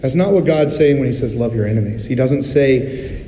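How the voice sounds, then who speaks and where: A man preaching a sermon as pastor, talking candidly and conversationally, acting out quick little voices as he goes. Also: mid-range voice, expressive, warm tone, a little hiss or hum. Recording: roomy hall reverb, faint ambience.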